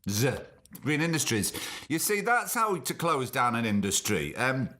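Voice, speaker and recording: A man's voice: mid-range voice, sing-song, unhurried, pushed and bright. A middle-aged man from the UK hosting a podcast, reading news items and adding indignant, opinionated asides and rhetorical questions. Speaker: podcast host.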